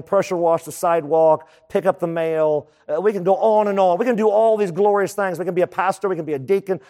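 A man's voice: high-pitched, a little mellow. Preaching man in an echoing church hall. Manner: emphatic, repeats key phrases for effect. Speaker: pastor. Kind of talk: sermon.

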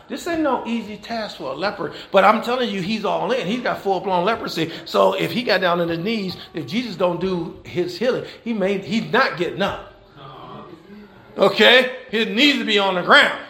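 A man preaching an animated sermon, high and gravelly, bright and edgy in tone. He drives points home with repeated rhetorical questions in a folksy church manner. The room rings with echo. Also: moderate pace. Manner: folksy Southern American church phrasing.

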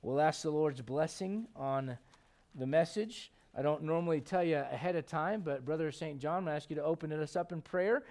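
A man preaching a sermon in a church, lively and questioning his congregation directly. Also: a little high, moderate pace. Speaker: pastor. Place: church sanctuary.

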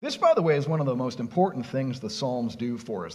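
A male pastor preaching a sermon in a conversational, animated way, asking his listeners rhetorical questions and speaking casually with them. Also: mid-range voice, a little fast. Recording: long reverb of a large hall.

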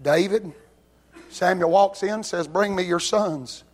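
A man preaching a sermon, telling Bible stories in a folksy way and rising to loud, shouted peaks. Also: high-pitched, takes it slowly. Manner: builds from quiet storytelling to loud shouting.

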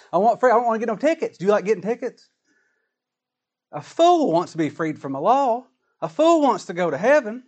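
A man's voice: a little high, darkish tone. A man preaching a sermon in a folksy, dramatic style, with plain colloquial grammar and rising, emphatic lines.

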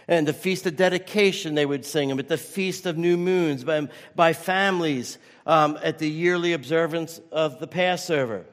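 A man's voice: on the high side, fairly bright tone, in a large hall. A man preaching a sermon as pastor, earnest and urgent, often restarting his phrases.

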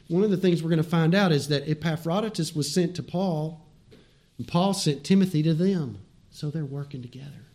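A male pastor giving a conversational sermon, asking rhetorical questions and slowing down for emphasis. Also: a little high, mellow.

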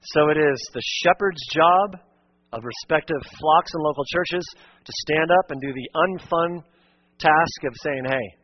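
A man's voice: a little high, measured pace, no echo, dull audio. A male pastor preaching a sermon in an earnest, emphatic way, repeating his key points.

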